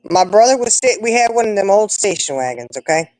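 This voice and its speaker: A woman, telling stories in a relaxed chat among friends. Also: brisk, no echo, rough recording. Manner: chatty storyteller, animated with big swings in pitch. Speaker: co-host. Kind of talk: casual chat.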